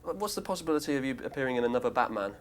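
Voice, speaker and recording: A man's voice: mid-range voice, expressive, very fast, slight background noise. Cheeky interviewer man. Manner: cheeky, teasing questions. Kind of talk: breezy TV interview.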